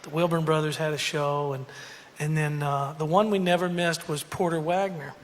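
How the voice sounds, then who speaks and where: Man spinning a casual story, fairly high voice, rambling, reverberant hall with faint hum. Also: fairly even intonation, moderate pace. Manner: rambling, full of fillers, laughing asides. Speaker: country singer telling a story.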